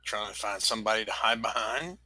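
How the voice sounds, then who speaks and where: A man playing in a tabletop game, speaking in a quiet, measured way. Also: on the low side, rough recording. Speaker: player. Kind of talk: casual tabletop play.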